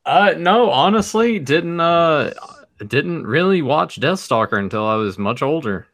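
A man's voice: fairly high pitch, animated, unhurried, a bit bright, dry recording. A man on a podcast hesitantly recalling movies from his teenage years, with many fillers. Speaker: podcast co-host. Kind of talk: casual chat.

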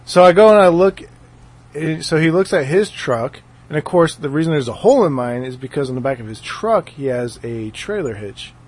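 A man's voice: on the high side, animated, moderate pace, darkish tone, breathy edge. A man co-hosting a casual podcast, telling stories in a wry, self-deprecating way. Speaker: podcast co-host. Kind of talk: casual chat.

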